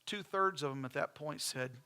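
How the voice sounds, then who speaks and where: A man's voice: on the high side, normal speed, pushed and bright, clean tone. A middle-aged man, preaching a sermon in church with folksy stories and phrases repeated for emphasis. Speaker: pastor.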